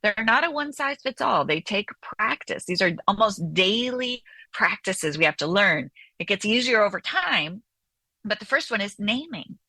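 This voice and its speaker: A woman's voice: medium pitch, big pitch swings, normal speed, bright, forceful tone, dry recording. A woman therapist and author being interviewed on the radio, explaining animatedly and often checking in with "right?".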